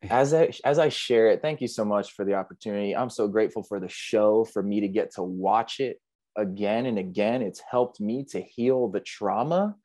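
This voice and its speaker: A man with a fairly low voice tells his story as an interview guest. He talks in a vivid, earnest, reflective way. The sound is dry and close. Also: normal speed, darkish tone, no echo. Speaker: podcast guest, big wave surfer.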